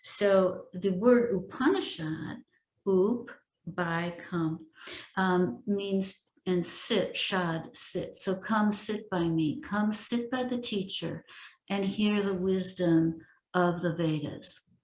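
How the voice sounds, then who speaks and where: A middle-aged woman giving an informal spiritual teaching, explaining gently and haltingly with many pauses and self-corrections. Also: medium pitch. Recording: roomy echo.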